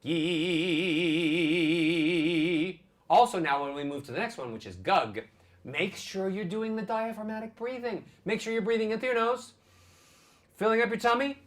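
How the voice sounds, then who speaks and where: A man's voice: high-pitched, brisk. A male vocal coach leading a singing lesson, encouraging and demonstrating vibrato on sung syllables.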